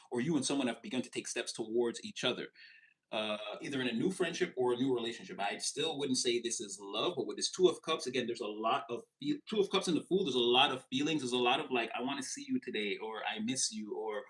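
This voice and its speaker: A man's voice: mid-range voice, a bit bright, rough recording. A man giving a casual tarot reading who rambles, swears, laughs and gets heated. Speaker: tarot reader.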